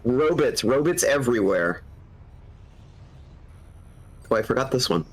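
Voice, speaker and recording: Husky-voiced man with a cold. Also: medium pitch, expressive, measured pace, poor audio. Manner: chatty, explains game lore eagerly. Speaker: gaming streamer. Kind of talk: casual gaming stream chat.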